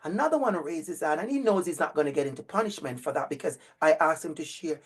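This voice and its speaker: Animated high-voiced man telling stories. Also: fast talker, slightly rough. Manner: animated, acts out children's voices; emphatic repetition. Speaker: educator and speaker. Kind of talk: storytelling talk.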